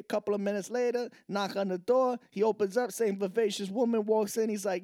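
A man co-hosting a podcast, telling a long dirty joke in an animated way and acting out every character in a raised voice. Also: sits high, brisk, hardly any pauses, no room sound, clean studio sound. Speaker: podcast co-host.

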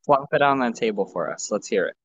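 A man's voice: mid-range voice, lively intonation, brisk, fairly bright tone, no echo. A man hosting a casual podcast, talking in a blunt, crude, joking way. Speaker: podcast host. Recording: dull lo-fi sound.

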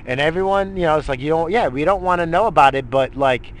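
A young man swearing and rambling in a late-night solo vlog rant, swinging between shouting and muttering. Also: fairly high pitch, fast talker. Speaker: vlogger.

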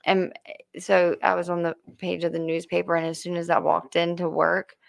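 A woman recounting a personal story in a casual talk. Her voice carries a gravelly fry, and she stops and restarts her sentences often, leaning on fillers. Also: fairly low pitch, flat delivery, moderate pace. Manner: hesitant, many fillers and restarts.

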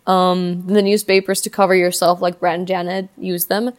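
A woman's voice: fairly low pitch, little pitch movement, normal speed. Playful woman hosting a podcast quiz. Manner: playful, drifts quieter in asides, sings lines for effect. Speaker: podcast co-host running a quiz. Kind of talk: casual podcast chat.

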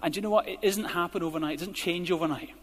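A man preaching a sermon as a pastor, speaking emphatically and building to forceful urging. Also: high-pitched, rapid-fire. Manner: emphatic, rising to forceful exhortation. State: out of breath. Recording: hall reverb.

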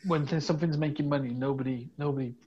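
A man in casual podcast chat, telling stories with lively acted-out dialogue. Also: fairly high pitch, fast talker, slightly rough, highs cut off. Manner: animated storyteller, acts out quoted dialogue. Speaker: recruitment business owner.

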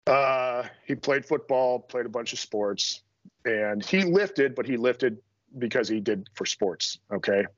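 A man's voice: mid-range voice, lively intonation, unhurried, dry recording. Blunt middle-aged guy, strength coach on a podcast, kinda dull dry audio. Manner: blunt, direct, self-deprecating. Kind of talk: casual interview chat.

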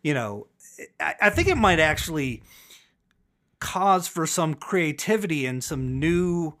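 Man, slightly high voice, casual podcast chat, rambling, profane, animated. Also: a little slow. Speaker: podcast co-host. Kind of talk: casual chat about wrestling.

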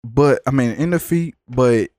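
A man hosting a podcast, ranting in a blunt, profane, animated way in a casual chat. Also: medium pitch, unhurried, no room sound, studio quality. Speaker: podcast host.

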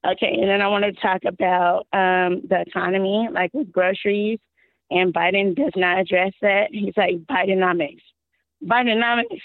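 A woman from Texas calling into a show, her voice hoarse and worn out, rambling and exasperated with frequent laughs. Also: mid-range voice, no echo. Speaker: caller. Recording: tinny phone line.

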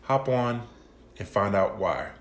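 A man's voice: lowish voice, animated, takes it slowly. Easygoing man podcast co-host, roomy sound. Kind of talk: casual chat.

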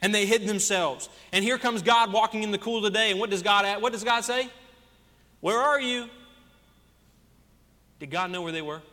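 Preaching at a quick pace with hardly any pauses, a senior pastor's high-pitched voice sounds bright and forceful. He asks the congregation rhetorical question after rhetorical question, his sermon echoing with the long reverb of a church sanctuary.

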